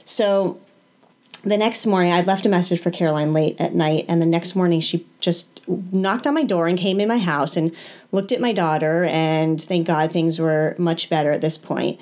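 A woman's voice: on the low side, steady tone, normal speed, a little mellow. Woman hosting a radio interview. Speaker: radio show host.

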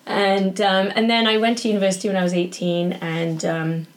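A woman's voice: mid-range voice, flat delivery, normal speed. A woman, a pediatric doctor chatting as a guest and laughing easily. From northern England. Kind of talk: casual interview chat.

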